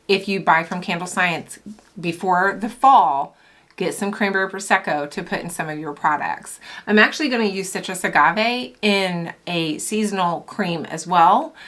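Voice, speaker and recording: A woman's voice: on the low side, normal speed, a bit bright. A middle-aged woman who runs a small soap and candle business, chatting enthusiastically about her favorite fragrance oils. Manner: chatty and enthusiastic, with laughs and asides. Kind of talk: casual product vlog.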